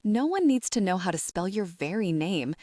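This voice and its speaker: A woman's voice: medium pitch, sing-song, normal speed, mellow, dry recording, studio quality. A woman voicing a catty, vain rich young woman.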